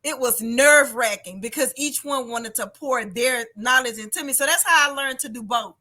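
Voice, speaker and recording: A woman chef telling stories from her childhood in a lively, casual chat, laughing often and acting out the people in them. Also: high-pitched, normal speed. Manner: animated storyteller, laughs often, acts out voices. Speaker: guest chef. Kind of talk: casual storytelling interview.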